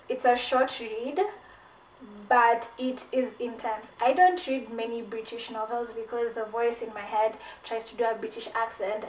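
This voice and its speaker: A woman talks through her recent reads in a chatty, animated way, slipping in "like" and repeating herself as she goes. Her voice sits a bit high, and it comes from a little way off the mic in an echoey room. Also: distant mic, slight background noise. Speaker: book reviewer. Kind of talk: casual book review vlog.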